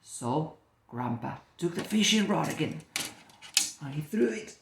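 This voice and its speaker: A man teaching a children's phonics lesson and telling a story, drawing words out in a lively teacher voice. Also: fairly high pitch, vocal fry, echoey room, heavy background noise. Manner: slow, drawn-out, lively teacher talk. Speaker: ESL teacher.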